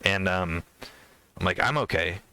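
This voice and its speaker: A man's voice: low-pitched, measured pace, sharp tone, smooth, no room sound. A man co-hosting a podcast, telling a long story in a rambling way, with lots of fillers and acted-out quotes. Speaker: podcast co-host. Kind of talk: casual storytelling chat.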